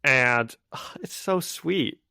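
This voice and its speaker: Animated man recapping comics. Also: medium pitch, slow pace, vocal fry, smooth, no room sound, studio quality. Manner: animated, acts out quoted lines in voices. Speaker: podcast co-host. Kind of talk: casual chat, recapping comics.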